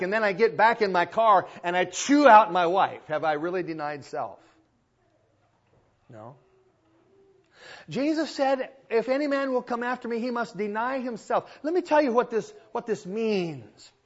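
A man's voice: sits high, highs cut off. A male pastor preaching a sermon in an emphatic style, repeating phrases for weight.

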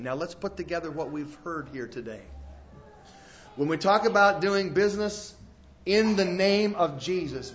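Folksy preacher with a raised voice. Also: male voice, high-pitched, a little hiss or hum. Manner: folksy, storytelling, emphatic. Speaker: pastor. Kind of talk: sermon. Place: church before a congregation. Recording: dull lo-fi sermon recording.

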